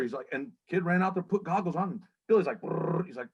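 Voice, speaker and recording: A man who is a guest on a podcast, telling lively stories and acting out other people's voices as he quotes them. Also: a little high, fast talker, husky, highs cut off. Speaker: podcast guest, paintball pro. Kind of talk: animated storytelling.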